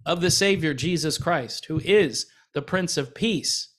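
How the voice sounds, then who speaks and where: A man from the United States talks through a casual commentary vlog. His voice sits a little high, and he drifts between points with heavy sarcasm and plenty of "uh" and "you know". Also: measured pace, a bit bright. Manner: sarcastic, rambling with many fillers. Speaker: channel host.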